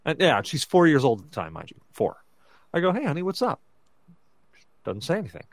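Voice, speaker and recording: A podcast co-host animatedly retells a dramatic personal story on a casual show, peppering it with fillers like "like." He talks fast in a mid-range voice, and the recording has no echo.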